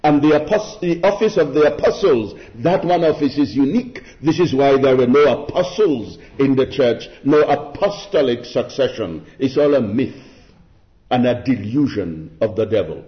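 A man preaching an expository sermon, deliberate and emphatic, asking his listeners rhetorical questions. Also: mid-range voice, animated. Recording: dull lo-fi recording.

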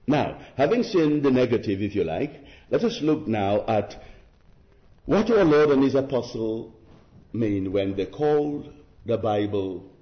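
A man preaching a sermon in a slow, deliberate, emphatic way, with rhetorical asides to his listeners. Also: on the low side. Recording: muffled lo-fi sermon recording.

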